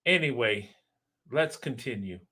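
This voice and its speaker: A man's voice: medium pitch, lively intonation, measured pace, pushed and bright. A man hosting a reaction video, giving casual commentary in an emphatic, preachy way and repeating points for stress.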